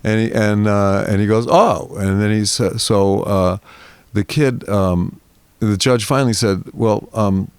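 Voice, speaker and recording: A man's voice: lowish voice, steady tone, unhurried, a little mellow, clean tone, no echo. A man, a guest in a therapy interview, telling a long rambling anecdote in casual talk and acting out the people in it. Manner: rambling anecdotal storytelling, acts out quoted voices.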